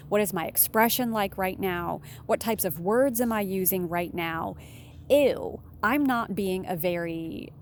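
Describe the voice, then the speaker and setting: In a solo monologue, a woman who works as a relationship consultant gives blunt, candid advice, swearing casually. She's animated, her pitch jumping up suddenly for emphasis, and there's slight background noise.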